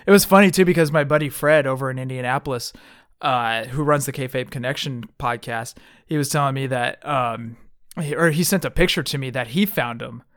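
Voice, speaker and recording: Easygoing man with a smooth voice. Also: mid-range voice, brisk, fairly bright tone, dry recording, clean studio sound. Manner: laughs often, easygoing. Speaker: podcast co-host. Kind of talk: casual podcast chat.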